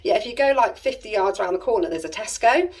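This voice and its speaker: English woman in her thirties, family vlogger, chatty and rambling, breathy tone, sits a bit back from the mic. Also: medium pitch, expressive, fast, a little mellow. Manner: chatty, rambling, exasperated asides. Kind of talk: casual storytelling to camera. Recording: voice a little distant from the mic.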